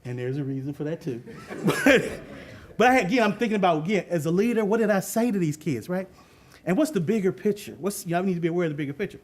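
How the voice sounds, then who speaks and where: A middle-aged man with a high voice tells a story from coaching youth football. He is animated, laughs often and acts out the voices of the people in his story. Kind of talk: storytelling talk on leadership.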